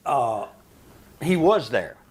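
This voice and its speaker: A man telling wrestling-career stories in an interview, animated and profane, laughing often. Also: medium pitch, slow pace, husky. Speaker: interview guest, retired wrestler. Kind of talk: shoot interview storytelling.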